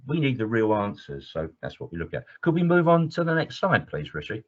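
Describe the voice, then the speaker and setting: Low-voiced man giving an enthusiastic webinar lecture. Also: sing-song, fairly quick. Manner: enthusiastic, digressive, with many fillers. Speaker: trainer and EMC engineer. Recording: dull lo-fi webinar audio.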